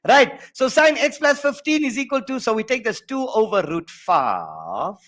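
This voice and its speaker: A man's voice: extremely high pitch, big pitch swings, moderate pace, fairly bright tone. A South African man teaching maths in an online exam workshop, joking and bantering between worked steps. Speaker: maths tutor. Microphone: online stream mic.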